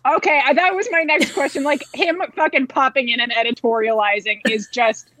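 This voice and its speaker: A woman's voice: high voice, steady tone, brisk, a bit bright, poor audio. A woman in a casual book discussion who asks questions and swears freely.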